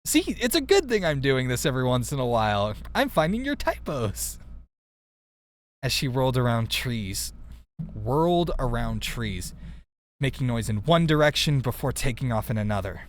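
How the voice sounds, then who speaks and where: A man's voice: medium pitch, big pitch swings, brisk, slight background noise. A man live-streaming a casual read-through of a friend's story, a perfectionist who stops to redo lines and laughs at his own delivery.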